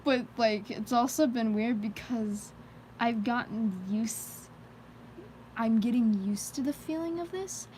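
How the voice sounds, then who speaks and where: A woman's voice: on the high side, slow pace, darkish tone, slight background noise, poor audio. A teenage girl chatting casually on a live stream, rambling with many fillers and frequent giggles. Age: teens. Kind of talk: casual chat.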